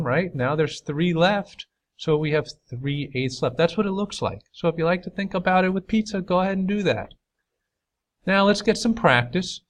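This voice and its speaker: A man with a Minnesota accent, a teacher giving an upbeat recorded math lesson with clear explanations. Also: medium pitch. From New York.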